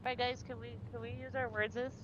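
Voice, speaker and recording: A woman's voice: fairly high pitch, level tone, brisk, highs cut off, background noise. A woman streaming a game in casual chat, teasing and swearing a lot.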